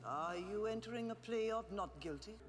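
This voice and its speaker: An actor playing a stern, formal alien judge handing down rulings in a sci-fi series. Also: male voice, high voice, lively intonation, normal speed. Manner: formal, pronouncing.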